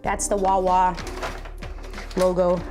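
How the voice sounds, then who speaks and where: A woman's voice: lowish voice, level tone, takes it slowly, music in the background. Chatty woman live streamer. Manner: chatty, talks straight to viewers and reads chat. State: out of breath. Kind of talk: casual live-stream chat.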